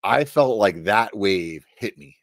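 A middle-aged man telling a story casually on a podcast, animated, with lots of filler words and cursing. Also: lowish voice, slow, no echo, clean studio sound. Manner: animated, swearing, many "like" fillers. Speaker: podcast guest.

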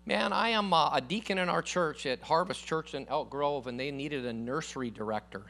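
An older man preaching in a high, bright voice. He talks casually and emphatically, shifting between booming declarations and hushed asides, and keeps asking the congregation for an amen. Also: normal speed, gravelly. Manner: conversational and emphatic, swinging between loud declarations and quiet asides; calls for congregation responses. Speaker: guest preacher. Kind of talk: sermon. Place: church.

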